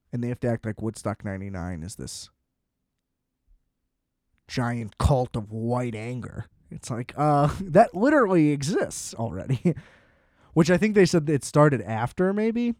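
A man's voice: mid-range voice, darkish tone, dry recording, studio quality. A young man hosting a solo podcast, ranting in a casual, profane, exasperated way and leaning on filler words. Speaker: podcast host.

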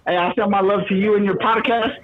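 A man from California calls in to a podcast, talking in slang and repeating "you feel me". His voice sits high and he talks fast. He comes through a dull, lo-fi phone line. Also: steady tone. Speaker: caller. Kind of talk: phone call-in.

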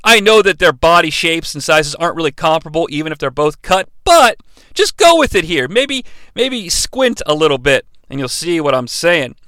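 A man's voice: a little high, animated, normal speed, sharp tone, no echo, studio quality. A man hosting a podcast, reviewing a wrestling match solo in a profane, sarcastic, mock-outraged way. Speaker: podcast host.

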